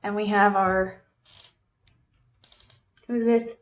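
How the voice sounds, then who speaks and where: A woman's voice: mid-range voice, steady tone, normal speed, long pauses, a bit bright, slight background noise. A woman teacher chatting informally to her class before a reading, easygoing and friendly in tone. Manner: chatty and informal, with small laughs. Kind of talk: casual talk to a class on video.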